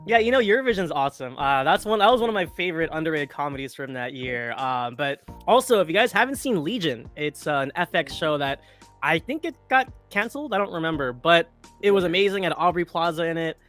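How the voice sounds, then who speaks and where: Bright-voiced chatty man. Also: fairly high pitch, animated, fast talker, faint music behind. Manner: chatty, stammering restarts, wry. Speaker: podcast host. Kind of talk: casual chat.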